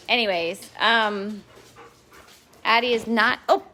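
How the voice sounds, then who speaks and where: A woman chatting casually on a live stream from her home, breaking off to coax her dogs in a high voice. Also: steady tone, slow pace, bright, forceful tone, slight background noise. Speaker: home dog breeder.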